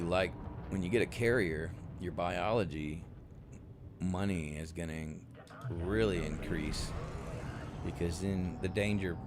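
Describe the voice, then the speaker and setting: Rambling and relaxed, a US man talks on a live stream as he plays games, filling his speech with lots of fillers. His voice sits low, and there's noise in the background.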